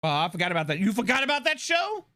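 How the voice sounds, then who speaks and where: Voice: mid-range voice, very animated, very fast, bright, forceful tone. Rambling, swearing live streamer. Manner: rambling, swears freely, frequent restarts and fillers. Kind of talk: casual live-stream chat.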